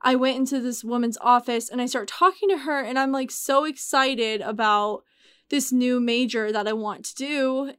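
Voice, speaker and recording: A young woman in her twenties talks as a podcast guest with a slightly raised pitch. She keeps a loose, chatty flow full of fillers and sounds close to tears. The recording is dry and close. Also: fairly bright tone, clear, resonant tone, no room sound. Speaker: guest telling her story. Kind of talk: casual podcast chat.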